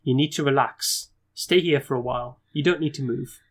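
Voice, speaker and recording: A man reading the lines of a gentle young serving maiden in a gamebook. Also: medium pitch, normal speed, natural voice. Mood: soothing. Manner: gentle, soothing. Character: soft-spoken young female serving maiden, secretly a sorceress.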